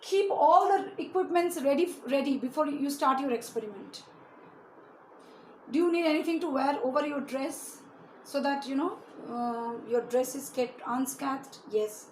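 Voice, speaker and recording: Woman teacher, high voice, echoey room with faint hiss, keeps quizzing the kids. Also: unhurried, darkish tone. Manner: asks pupils many questions, often adds "you know". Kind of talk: classroom lesson for children.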